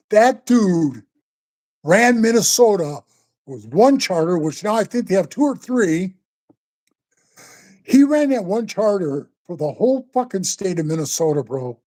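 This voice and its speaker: Mellow-voiced older man, rambling and profane. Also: high voice. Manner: rambling, profane, keeps calling the listener bro. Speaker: interview guest, former biker club member. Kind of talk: casual storytelling interview.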